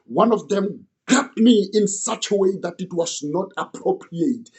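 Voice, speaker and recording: A man's voice: high voice, a little slow, darkish tone. A young man earnestly retelling an old story in the first person, as if he lived it.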